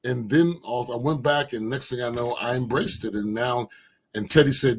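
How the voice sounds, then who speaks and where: A man's voice: mid-range voice, normal speed, slightly rough. A man, a former basketball player telling stories as a guest and acting out the quotes. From Philadelphia, USA. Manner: animated storyteller who acts out quotes. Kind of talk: casual storytelling interview.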